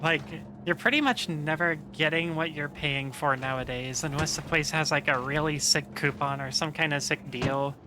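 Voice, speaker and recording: A woman streamer chatting casually with viewers while playing, relaxed and profane, rambling with lots of fillers. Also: sits low, normal speed, few pauses, noisy background. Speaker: game streamer. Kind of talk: casual stream chat reading viewer messages.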